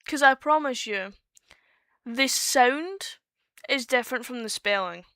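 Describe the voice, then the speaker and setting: A woman's voice: sits high, animated, a little slow, pushed and bright, clean tone, dry recording. Chatty Scottish woman, dry close sound. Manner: chatty, explains with restarts and fillers. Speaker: streamer. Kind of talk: casual chat on a voice call.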